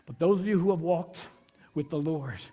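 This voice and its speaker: A man with a notably high voice preaches a Christmas Eve sermon, talking to the congregation like old friends. He drops to near-whispers on tender lines and jumps up loud and bright for jokes. The church sanctuary rings with a long reverb behind him. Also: normal speed. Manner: conversational, swings from hushed intimate lines to loud playful asides. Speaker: pastor.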